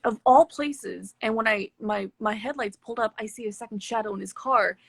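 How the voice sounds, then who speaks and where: A woman with a husky, slightly breathy voice recounts a story on a live stream in casual chat. She talks candidly and swears freely. The sound is dry and close. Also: on the high side, a little fast, fairly bright tone, no room sound. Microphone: phone on a live stream.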